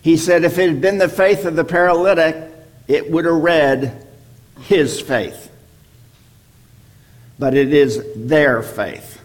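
A man teaching a Bible study, explaining a passage verse by verse and often checking in with "okay?". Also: a little high. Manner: slow, deliberate, checks in with "okay?".

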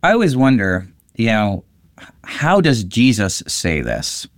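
A man's voice: on the low side, slow, no room sound, studio quality. A man, a pastor, discussing a Bible passage in casual conversation and animatedly acting out quoted lines. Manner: animated, acts out quotes with lifted voice.

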